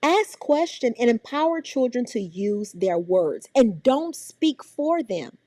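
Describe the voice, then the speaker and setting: A middle-aged woman trainer talks about raising children in a bright, higher voice that swings widely up and down. She often slips into quick little impressions of scolding grown-ups and small children. Her sound is close and dry, with no echo from the room. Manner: animated, acts out scolding adults and children's voices. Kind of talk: teaching a parenting workshop.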